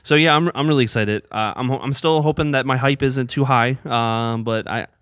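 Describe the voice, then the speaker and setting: An excitable man hosts a casual group chat. He rambles along and fills his talk with ums and uhs. His voice sits mid-pitched and is recorded dry and close. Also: moderate pace, dry recording. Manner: excitable, rambling with many fillers. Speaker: podcast host.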